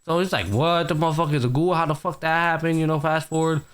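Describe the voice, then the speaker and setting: A man's voice: on the high side, fast, clear, resonant tone. A man hosting a casual anime podcast, retelling episodes with heavy swearing and acting out the characters' lines. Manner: animated storytelling, heavy swearing, acts out characters. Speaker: podcast host.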